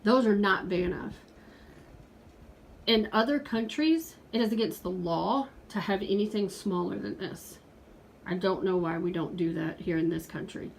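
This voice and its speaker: A woman's voice: medium pitch, normal speed, creaky, low-quality recording. Earnest woman in her 40s, casual home video in her pet room, kinda pleading, faint noise behind. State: out of breath. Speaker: pet vlogger.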